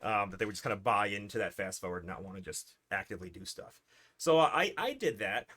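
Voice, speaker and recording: A man's voice: lowish voice, fast talker. Rambling man recapping his tabletop game. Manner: rambling, many restarts and fillers, animated retelling with quoted lines. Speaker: game master. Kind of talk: casual livestream chat recounting a tabletop session.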